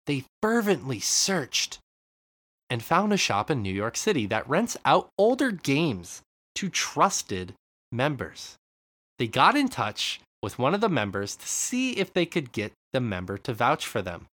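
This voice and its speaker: A woman hosting a casual game podcast who narrates and laughs a lot. Her pitch moves up and down freely. She speaks slowly. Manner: animated, laughing. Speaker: podcast host.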